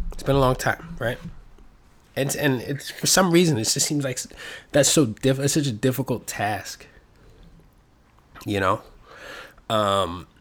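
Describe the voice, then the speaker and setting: A man talking casually and at length, rambling and cursing freely, with his voice rising and getting louder when he gets excited. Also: mid-range voice. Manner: rambling, profane, self-reflective. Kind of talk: casual solo chat.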